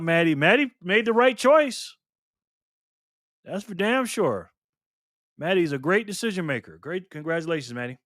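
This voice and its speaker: A man's voice: fairly high pitch, a bit bright, dry recording, studio quality. A man hosting a live stream in a casual chat style, reading viewer comments aloud, laughing often and cheering on players. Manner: laughs often, loose and playful.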